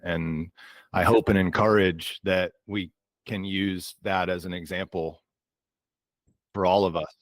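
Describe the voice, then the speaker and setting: Deep-voiced man leading a group call. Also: no room sound. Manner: slow, gentle, affirming. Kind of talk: warm reflective group facilitation. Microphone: video call.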